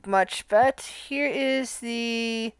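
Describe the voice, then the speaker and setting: A woman game master with a bright, higher voice runs the table, firing short questions at her players. Her tone is smooth and clear, recorded close and dry with no room sound. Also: no room sound. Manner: brisk, prompting players with questions.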